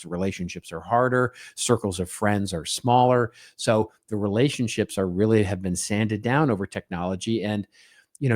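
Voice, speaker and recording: Man, middle-aged, podcast host, solo monologue, lowish voice, conversational, keeps asking "right?". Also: a little mellow. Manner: conversational, frequent "right?" tags, acts out small quoted exchanges.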